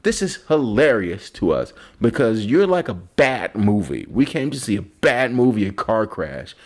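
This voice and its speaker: A man's voice: fairly low pitch, big pitch swings, a little slow. A man voicing an imagined audience member who mocks and insults a failing performer. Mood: mocking. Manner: mocking, insulting, profane.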